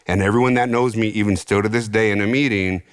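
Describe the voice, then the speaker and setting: A man from San Diego, a podcast guest, telling his own story in an animated, slangy way with free swearing. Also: fairly low pitch, quick pace, clean tone, no echo, studio quality. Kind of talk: casual storytelling.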